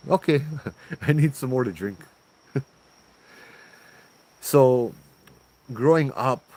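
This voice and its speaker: A man with a Hawaiian accent casually telling a ghost story in a laid-back, chatty way, full of island slang, outdoors under a tree. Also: on the low side.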